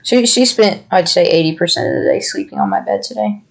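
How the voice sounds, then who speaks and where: Speaking fairly quickly, this man's high-pitched voice swings wildly in pitch and carries vocal fry. He's co-hosting a podcast, rambling affectionately through a casual chat.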